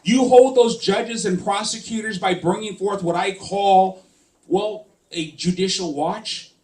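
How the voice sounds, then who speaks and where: A man with a somewhat high-pitched voice delivers a campaign speech to a live crowd. He speaks as a political candidate, stirred up and insistent, and keeps pressing his listeners with rhetorical questions. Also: steady tone, measured pace, a little mellow. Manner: impassioned, fires rhetorical questions at the audience.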